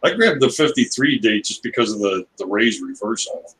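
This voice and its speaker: A man chats and jokes through a casual live stream, his low voice swinging up and down in pitch. He trades banter freely with the others. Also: lively intonation, fairly quick, a bit bright, poor audio. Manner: chatty and joking.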